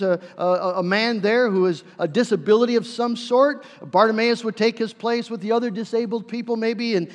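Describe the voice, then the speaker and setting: Male pastor, high-pitched sermon voice, earnest storyteller, reverberant church hall. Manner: earnest storytelling with acted-out quotes.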